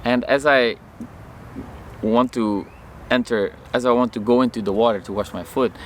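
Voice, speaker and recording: A man vlogging outdoors, telling a personal story to camera in an animated way and acting out the lines of people in it. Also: medium pitch, normal speed, slight background noise. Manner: animated, acts out his own and others' lines in the story.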